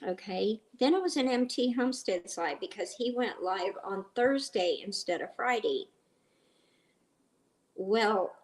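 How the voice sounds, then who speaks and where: A middle-aged woman with a stuffy nose, live streaming casually while cooking, chatting with viewers and telling rambling stories. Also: mid-range voice. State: stuffy, blowing her nose.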